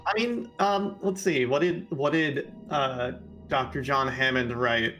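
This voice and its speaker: A man's voice: medium pitch, unhurried, fairly bright tone, faint music behind. A man doing casual game commentary, chatty, explaining the play and laughing easily.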